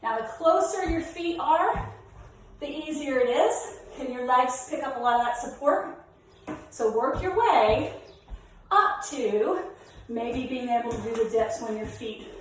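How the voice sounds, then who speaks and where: Young woman running a home workout, high voice, super echoey room, mic kinda far off. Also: a little hiss or hum. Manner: encouraging, demonstrating while talking. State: out of breath. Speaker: fitness instructor.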